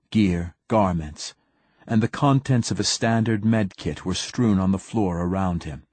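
A man narrating an audiobook in a steady storytelling manner. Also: deep voice, husky, no room sound. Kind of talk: scripted narration.

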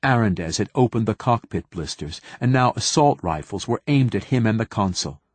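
Low husky guy reading an audiobook, steady, dry sound. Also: moderate pace, no room sound. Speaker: audiobook narrator. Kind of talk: scripted narration.

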